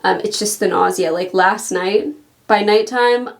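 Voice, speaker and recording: A woman's voice: medium pitch, a little slow. A chatty woman talks casually to her camera, rambling through her thoughts with small laughs along the way. She sounds a little out of breath as she goes. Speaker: vlogger.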